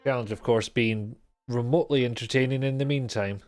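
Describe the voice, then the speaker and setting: A man's voice: medium pitch, fairly even intonation, brisk, soft background music. A man streaming a video game live, commenting in a sweary, exasperated and sarcastic way.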